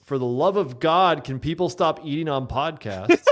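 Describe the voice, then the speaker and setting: A man's voice: a little high, normal speed. A man hosting a podcast, reading viewer comments aloud in casual chat and laughing along. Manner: laughing, teasing. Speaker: podcast host.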